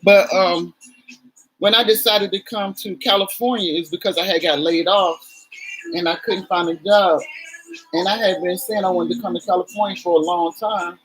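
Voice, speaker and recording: Husky-voiced woman vlogger talking candidly. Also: fairly low pitch, fairly even intonation, normal speed, poor audio. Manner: candid, emotional, talks straight to viewers. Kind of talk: casual chat while doing makeup.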